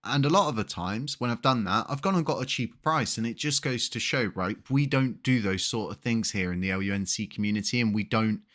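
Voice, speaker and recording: A man with a croaky voice from a cold, hosting his channel and ranting casually with frustration and frequent restarts. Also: lowish voice, brisk, few pauses, a bit bright. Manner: frustrated, rambling, repeats words. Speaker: crypto channel host. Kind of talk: casual video commentary.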